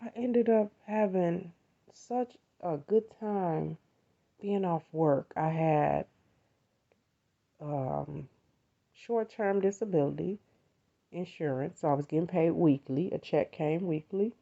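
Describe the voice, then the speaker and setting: Slow and dark-toned, the fairly low voice of a middle-aged U.S. woman comes through a muffled recording with vocal fry. She hosts a podcast, giving a heartfelt, conversational personal talk on faith and gratitude and speaking to listeners as "you all".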